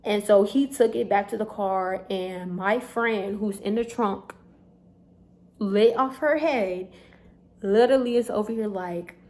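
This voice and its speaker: A young woman, telling a storytime vlog straight to her viewers in an animated, chatty way. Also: medium pitch, a little slow. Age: young adult. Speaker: vlogger.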